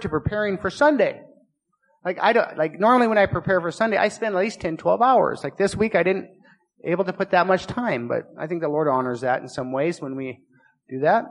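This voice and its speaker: A man preaching a sermon in a small church, earnest and confessional, circling back over the same phrases. His voice sits a little higher than most men's. The sound carries a long, lingering reverb from the room. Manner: earnest, confessional, repeats himself. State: recovering from illness. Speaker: pastor.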